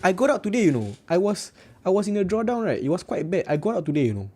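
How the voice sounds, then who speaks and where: A young man hosts a casual forex trading livestream in Singaporean-accented English, reading viewer comments and adding "right" to his sentences, chatty, blunt and joking. His voice is high-pitched and darkish, very animated, and he talks fast.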